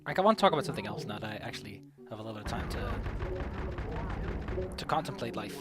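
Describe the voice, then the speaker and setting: A man's voice: lowish voice, very animated, fast, music in the background. A man giving casual gameplay commentary, rambling and swearing freely as he tells a story. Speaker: let's play streamer.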